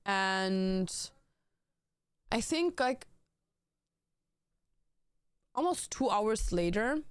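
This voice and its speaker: A young woman streaming from home, chatting to her viewers and telling a story in a loose, animated way, full of "like" and casual swearing. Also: medium pitch, drawn-out words, clean tone, no room sound, studio quality.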